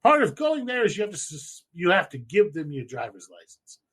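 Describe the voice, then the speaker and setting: A man's voice: high-pitched, wildly swooping pitch, moderate pace, fairly bright tone, slightly rough. A man telling stories in a loose, rambling and profane way as host of a casual chat show. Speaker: podcast host.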